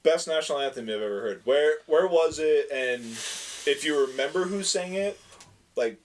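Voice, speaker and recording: A man's voice: fairly high pitch, moderate pace. A man with a slight lisp, co-hosting a casual podcast chat, rambling and restarting as he gives his opinions. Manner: rambling, self-correcting, animated opinions. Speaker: podcast co-host.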